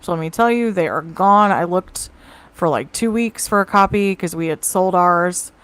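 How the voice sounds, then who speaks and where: A woman co-hosting a live show over a home mic, chatting casually and reading out viewer comments with quick asides. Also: lowish voice, a bit bright, smooth. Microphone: home mic on a video call.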